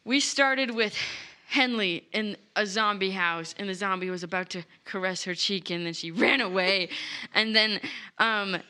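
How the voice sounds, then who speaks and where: A woman's voice: medium pitch, measured pace, smooth. A woman playing in a tabletop game, giggling as she acts out a recap of the last session for the group. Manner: giggly, animated, acts out characters. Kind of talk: excited casual recap.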